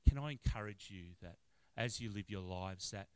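A middle-aged man with an Australian accent, a football club chaplain telling a story in a sermon and acting out the quotes with lively emotion. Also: moderate pace, clear, resonant tone, dry recording. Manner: animated, acts out quotes, rising to high-pitched excitement.

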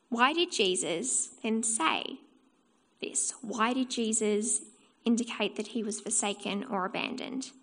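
A woman with a fairly high voice preaches a sermon in a church. Her delivery is earnest and explanatory. She often asks a rhetorical question and then answers it herself. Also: a bit bright.

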